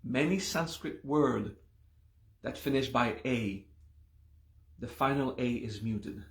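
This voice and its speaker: Slow-talking gravelly male teacher. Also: mid-range voice, reverberant. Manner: slow, explains patiently with repeated "okay?". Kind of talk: live class explaining Sanskrit words.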